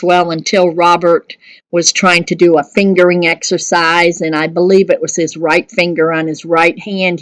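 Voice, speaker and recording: A woman teaching music history in a conversational way, often pausing and correcting herself. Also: fairly low pitch, no room sound. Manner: conversational, with fillers and self-corrections. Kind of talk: recorded music history lesson.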